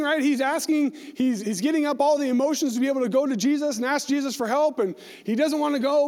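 A very high-pitched man teaches a Bible lesson in a casual, talky way, checking in with "right?" and slipping into the voices of the people he describes. His voice carries a long reverb from a large hall. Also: darkish tone. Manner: conversational, acts out quoted voices, asks "right?".

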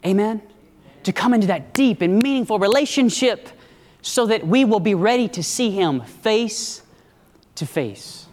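In a church sanctuary, a woman preacher gives an animated, measured-paced sermon, her voice ringing with long hall reverb. She uses call-and-response, repeatedly asking the congregation for an amen, and swings between high, emphatic declarations and low, hushed passages.

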